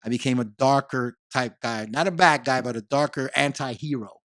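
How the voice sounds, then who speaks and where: Man guest, mid pitch, lively storyteller who repeats himself, dry close sound. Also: normal speed, no echo. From Puerto Rico. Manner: animated storyteller, repeats words and phrases. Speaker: podcast guest. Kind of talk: casual conversation.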